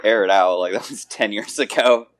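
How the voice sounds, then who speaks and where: A man's voice: on the low side, normal speed. A man in his twenties talking frankly and reflectively as a guest in a casual podcast chat. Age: 20s. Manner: frank, reflective, debate-minded.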